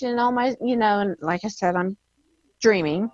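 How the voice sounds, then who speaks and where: A woman guest telling a personal story, emotional and halting, often repeating her words. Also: medium pitch, no echo. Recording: dull lo-fi sound.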